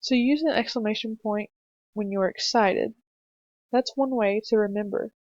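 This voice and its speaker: A young woman narrating a screencast punctuation lesson for children, explaining slowly and patiently with some fillers. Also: mid-range voice, a little mellow, dry recording. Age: young adult. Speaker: student teacher presenting a lesson. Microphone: computer mic for a screencast. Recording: dry, slightly dull home mic recording.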